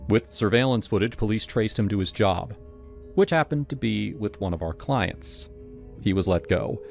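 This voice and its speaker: Low-voiced man narrating a story. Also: normal speed, creaky. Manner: steady, first-person storytelling. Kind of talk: scripted horror story narration. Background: music.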